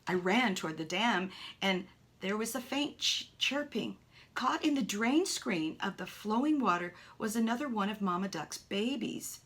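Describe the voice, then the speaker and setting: Woman, storyteller, children's tale, expressive, soft whispered moments. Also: mid-range voice, moderate pace, a little hiss or hum. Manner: animated, with soft whispered asides.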